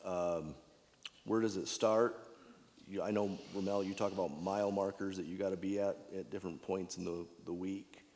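Male panel moderator, lowish voice, easy questioning, recorded with a long hall reverb and faint hiss. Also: fairly even intonation, normal speed, a little mellow. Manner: probing, conversational questions. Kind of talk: panel discussion on preaching.

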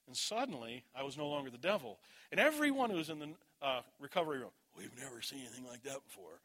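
A man's voice: medium pitch, pushed and bright. A middle-aged man preaching a sermon, teaching earnestly and telling a personal story.

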